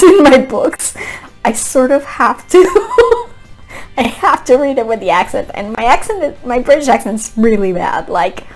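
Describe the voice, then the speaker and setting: A woman's voice: a little high, a little mellow. Gushing, rambling woman book vlogger. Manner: gushing and rambling, with restarts and frequent laughter. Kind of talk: casual book review chat.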